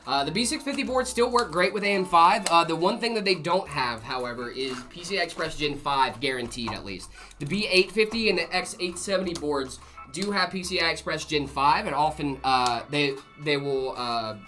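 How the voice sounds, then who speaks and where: A man on a live tech stream talks loosely and warmly to his chat, full of fillers and "brother." His tone is bright and forward, with faint music under the talk. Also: fairly high pitch. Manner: relaxed, friendly, fillers and "brother". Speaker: stream co-host answering chat.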